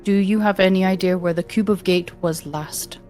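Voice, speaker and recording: Casting: woman player, formal and measured, haggling in character at a tabletop game. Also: mid-range voice, fairly even intonation, darkish tone, soft background music.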